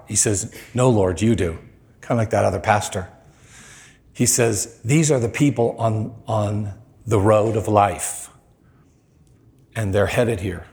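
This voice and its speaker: A man preaching a sermon in a church, telling stories animatedly and jumping higher in pitch when he quotes people. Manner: animated storyteller, voice jumps high when quoting people. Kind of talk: sermon with storytelling.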